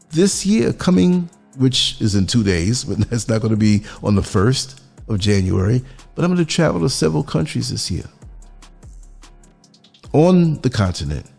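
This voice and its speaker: A man's voice: medium pitch, lively intonation, measured pace, creaky, pauses often, darkish tone, breathy edge, soft background music. A man from the United States giving a reflective podcast monologue, earnest and musing, putting questions to the listener.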